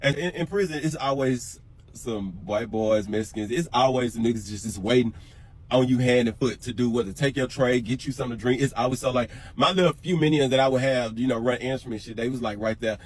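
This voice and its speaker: A man's voice: mid-range voice, brisk. A man telling a personal prison story in an emphatic, profane, repetitive way. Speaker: storyteller in a reacted clip. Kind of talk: emotional storytelling.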